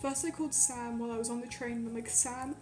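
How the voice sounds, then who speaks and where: High-voiced young woman telling a story. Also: fast, reverberant. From Quebec, Canada. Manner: animated, swears often, many "like" fillers. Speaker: streamer. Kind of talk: casual storytelling. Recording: faint music behind.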